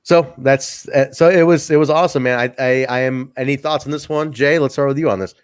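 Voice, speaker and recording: A man hosting a podcast, recapping a wrestling show in casual, excited, profane chat. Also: mid-range voice, a little fast, clear, resonant tone, no echo. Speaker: podcast host.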